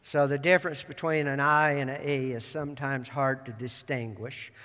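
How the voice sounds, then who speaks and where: A man's voice: mid-range voice, steady tone, normal speed, bright, forceful tone. A man from Georgia, preaching in a folksy, self-deprecating way. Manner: folksy and self-deprecating, acts out film lines. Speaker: pastor. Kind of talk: sermon. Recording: long hall reverb.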